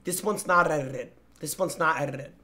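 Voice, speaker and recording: A young man streaming live, loudly reacting to viewer gameplay clips, teasing and excitable, swinging between shouting and muttering. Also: fairly high pitch, moderate pace, a little hiss or hum.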